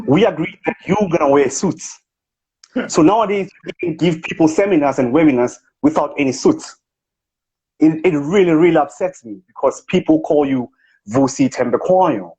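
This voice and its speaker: A man's voice: fairly high pitch, a little mellow, breathy edge. A man impersonating a pompous South African business speaker. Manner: boastful, scolding, self-important. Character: pompous self-important male business speaker. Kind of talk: comedic impression. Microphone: phone on a live video call. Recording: lo-fi livestream audio.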